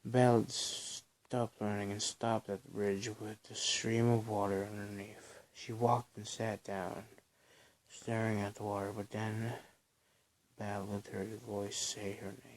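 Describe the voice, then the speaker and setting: A man reading his own story aloud on a phone recording, halting, with small slips. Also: fairly low pitch, level tone, slight background noise.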